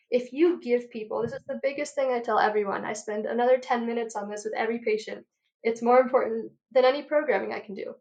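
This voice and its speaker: A woman in her thirties, an audiologist, talking passionately and quickly in an interview, a bit out of breath. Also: a little high, steady tone, a little mellow. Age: 30s. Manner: passionate, rapid lecturing. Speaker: audiologist guest. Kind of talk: enthusiastic interview talk.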